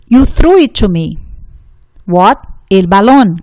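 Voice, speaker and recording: A woman teaching a Spanish grammar lesson in English, explaining deliberately and repeating the rules for emphasis. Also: medium pitch, sing-song, darkish tone, no echo.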